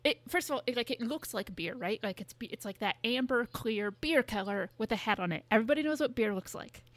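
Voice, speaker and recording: A young woman co-hosting a podcast in casual chat, talking fast with lots of fillers and swearing. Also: on the high side, lively intonation, dry recording. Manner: chatty, swears, many fillers. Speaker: podcast co-host.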